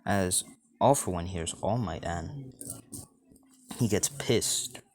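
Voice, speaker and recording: A man with a very deep voice tells a fan story off the cuff. He rambles and restarts his sentences often, in a loose, casual storytelling style. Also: lively intonation, slow, slight background noise.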